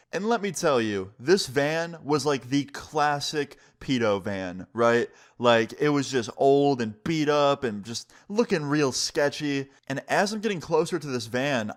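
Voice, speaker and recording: A man telling a personal story in a casual, earnest way, with lots of "like" and "right?". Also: mid-range voice. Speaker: storytime vlogger.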